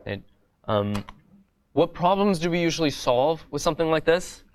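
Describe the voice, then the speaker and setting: A man's voice: on the high side, expressive, normal speed. A man teaching a coding bootcamp lecture in a classroom, explaining step by step in a casual way and often asking "right?".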